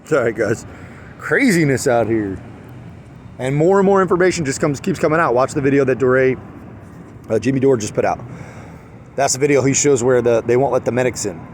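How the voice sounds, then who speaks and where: A man's voice: medium pitch, fairly quick, long pauses, slight background noise. A man venting in a casual vlog outdoors, heated and rambling, full of restarts and rhetorical questions. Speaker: vlogger.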